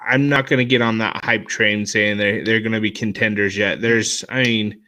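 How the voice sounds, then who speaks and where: Male co-host, hesitant and stammering, bright sharp voice. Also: lowish voice, steady tone, normal speed. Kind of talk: casual sports chat. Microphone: online call.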